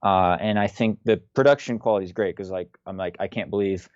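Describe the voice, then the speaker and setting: A man in his thirties, a guest chatting in a relaxed, rambling way with frequent fillers over a video call. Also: lowish voice, quick pace, dry recording, lo-fi sound. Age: 30s. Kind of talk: casual chat on a video call.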